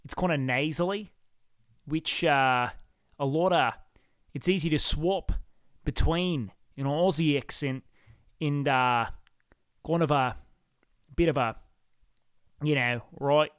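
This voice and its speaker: Brief: male streamer, mid pitch, smooth and resonant voice, dry close mic, casual rambling chat. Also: slow, long pauses, no echo. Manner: laid-back, rambling, swears often, says "man".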